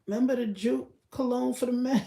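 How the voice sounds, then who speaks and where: A woman's voice: a little high, steady tone, brisk, gravelly, mellow, slight background noise. Blunt, profane woman livestreaming in an echoey room. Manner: blunt, profane, talks straight to chat viewers. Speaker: livestream host. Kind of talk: casual livestream rant.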